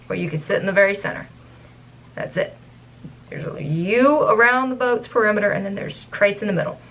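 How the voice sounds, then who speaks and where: Animated young woman telling a story. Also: medium pitch, low-quality recording. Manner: animated, acts out quoted guests. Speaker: former theme park cast member. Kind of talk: casual storytime.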